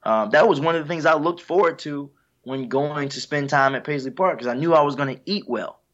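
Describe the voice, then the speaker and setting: A man's voice: on the high side, brisk, fairly bright tone. A man, a guest musician, talking casually and reflectively in an interview, sharing heartfelt stories with an easy laugh. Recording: dull lo-fi sound.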